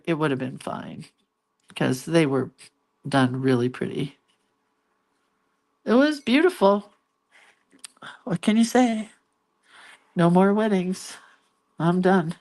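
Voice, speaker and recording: Woman, middle-aged, low-pitched, chatty, rambling, casual storytelling. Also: a little mellow. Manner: chatty, rambling, with many asides. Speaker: crafting vlogger.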